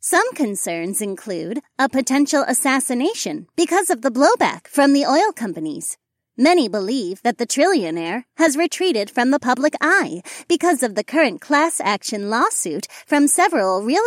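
A man's voice: extremely high pitch, very animated, moderate pace, no echo, studio quality, pitched above the performer's own voice. A man voicing a robotic female AI assistant in an audiobook, formal and obliging, reciting facts in full. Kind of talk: audiobook character voice.

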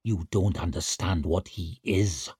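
A sour old chieftain mutters grimly, low and hushed, weary of the young, as a man puts him on. The storybook recording is dry and close. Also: unhurried, breathy edge, no room sound, heavily acted. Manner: sour, grim, low and quiet. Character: sour, grim aging male chieftain.

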